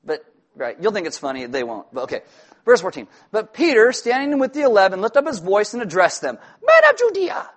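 Male pastor, sermon, high voice, animated, joking asides. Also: fast talker.

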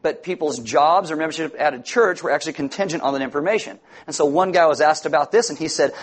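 A pastor preaching a sermon to his congregation in a lively, humorous way. He is a middle-aged man with a fairly high voice. He slips into quick voices for the people he quotes. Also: breathy edge. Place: church sanctuary before a congregation.

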